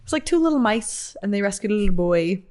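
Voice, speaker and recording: A woman's voice: mid-range voice, expressive, fast, darkish tone. A young woman co-hosting a podcast, chatting casually and crudely, often laughing and trailing off mid-sentence. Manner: giggly, rambling, crude. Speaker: podcast co-host. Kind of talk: casual comedic chat.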